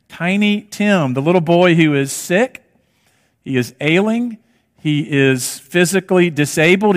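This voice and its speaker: Pastor guy giving a sermon, kinda high voice, lots of hall echo. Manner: storytelling, rhetorical questions. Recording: reverberant hall.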